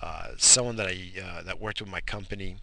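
Gravelly man ranting while driving. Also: low-pitched, fairly even intonation, a little fast, heavy background noise. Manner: profane, ranting, shouts in bursts. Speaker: vlogger. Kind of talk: profane driving rant. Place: in a car.

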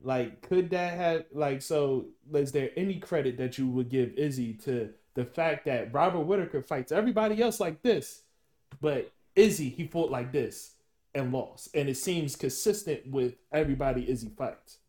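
A man hosting a sports podcast, asking long, halting questions with many restarts in casual chat. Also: medium pitch, a little mellow. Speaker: podcast host.

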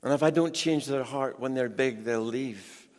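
A middle-aged man preaching a sermon as a pastor, emphatic and animated, with asides to the congregation. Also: medium pitch, normal speed. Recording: long reverb in a large hall.

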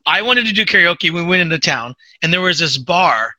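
Male podcast host, high voice, very bright, rapid chatty storytelling. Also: no room sound, poor audio. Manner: quick, animated, chatty. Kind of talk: casual chat, storytelling.

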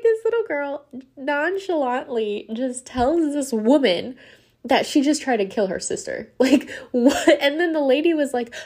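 A woman's voice: sits high, sing-song, a little slow, a little mellow. A woman hosting a podcast, telling a travel story in a chatty, casual way, full of "like" and laughter. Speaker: podcast host.

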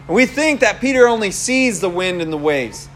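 A young man with a notably high voice preaches in a loose, conversational way. He tells stories with energy and breaks into laughs along the way. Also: moderate pace, soft background music. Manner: conversational, animated storytelling with laughs. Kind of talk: casual sermon.

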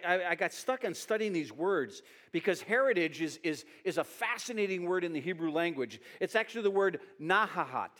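A man preaching a sermon as pastor, animated, often restarting his words, speaking in a church hall. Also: fairly high pitch.

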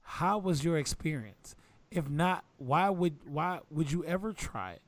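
Male co-host, high voice, dry close mic, animated and teasing. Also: unhurried, dry recording. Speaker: podcast co-host. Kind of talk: casual group chat.

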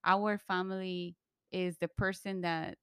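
A woman from Colombia telling a candid personal story in conversation, lively when she quotes others. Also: lowish voice, unhurried, clean tone, dry recording, clean studio sound.

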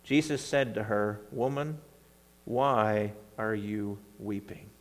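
Animated preacher in a reverberant church. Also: male voice, fairly low pitch, takes it slowly. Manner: conversational, animated reading of scripture with bursts of emphasis. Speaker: pastor. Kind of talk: sermon. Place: church sanctuary.

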